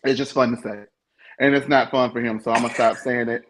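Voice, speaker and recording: A man's voice: medium pitch, steady tone, brisk, a little hiss or hum, rough recording. A man hosting a live recap panel, talking in a sassy, playful way, breaking into chants and teasing his co-hosts. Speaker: panel host.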